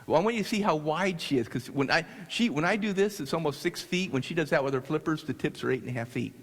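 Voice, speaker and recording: Animated man telling a story in a hall. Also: fairly high pitch. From United States. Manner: animated, halting with restarts. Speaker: speaker. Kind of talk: storytelling talk. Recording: long hall reverb.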